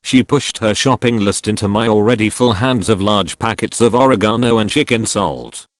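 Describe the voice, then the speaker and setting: A man's synthetic voice reading online stories aloud as a steady scripted narration. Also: lowish voice, moderate pace, dry recording, studio quality.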